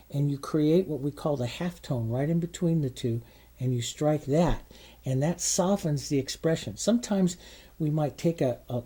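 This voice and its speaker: Mellow-voiced man teaching painting. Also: fairly high pitch, breathy edge. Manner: relaxed, explains while working, many fillers and repeats. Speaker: painting instructor. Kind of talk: painting demonstration lesson.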